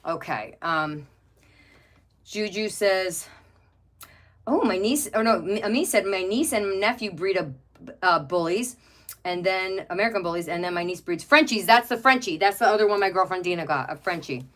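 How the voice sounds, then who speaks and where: Speaking at a moderate pace, this middle-aged woman sounds animated and a bit bright, with a medium pitch. On her webcam craft livestream she rambles chattily, reads out viewer comments, and gushes about pets, filling gaps with lots of fillers.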